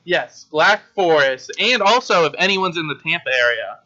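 A man's voice: fairly high pitch, expressive, normal speed, sharp tone. A man appearing as a guest filmmaker on a casual podcast, talking eagerly. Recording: muffled lo-fi audio.

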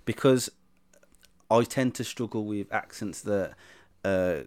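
A man's voice: lowish voice, takes it slowly, a little mellow, smooth. A man from the UK hosting a casual podcast, talking hesitantly with many stammers and restarts. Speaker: podcast host.

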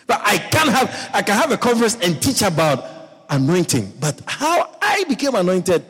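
A male preacher with a husky, slightly breathy voice that sits a little high for a man. His pitch swings widely as he preaches. The sound carries a long hall reverb. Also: a little slow. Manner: animated, playful preaching with repeated words and asides. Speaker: pastor. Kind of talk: sermon.

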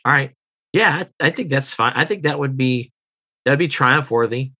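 Bright, animated male game master. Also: medium pitch, husky. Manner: animated, chuckling, halting descriptions. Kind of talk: narrating a tabletop game.

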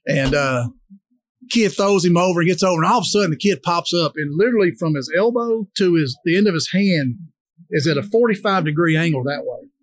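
A man's voice: on the high side, fairly quick. A man, a head coach telling sports stories in casual chat, laughing often. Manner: laughing, animated storyteller. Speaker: head coach and podcast guest.

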